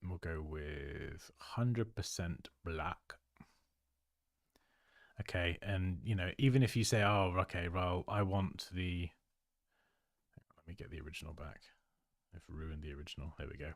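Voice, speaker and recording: A man's voice: very deep voice, lively intonation, normal speed, gravelly, dry recording, studio quality. A man hosts a livestream, giving chatty, upbeat feedback on viewers' design work and laughing often. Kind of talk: casual livestream commentary.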